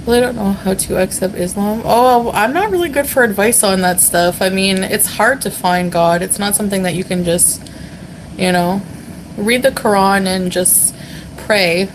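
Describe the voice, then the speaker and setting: A woman chats casually on a livestream, answering viewer comments between frequent giggles. Her voice sits at an ordinary middle pitch, and there is a faint hiss in the background. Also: moderate pace, low-quality recording. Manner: giggly, chatty, many fillers. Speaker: vlogger reading chat. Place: hotel room.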